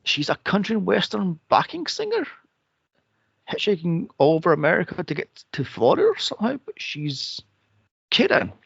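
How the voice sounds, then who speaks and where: A man co-hosting a film podcast, sarcastic and profane, mocking characters with shrill impressions. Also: huge pitch swings, normal speed, creaky, breathy edge, no room sound. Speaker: podcast co-host reviewing a film. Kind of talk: casual chat. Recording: dull lo-fi dry podcast audio.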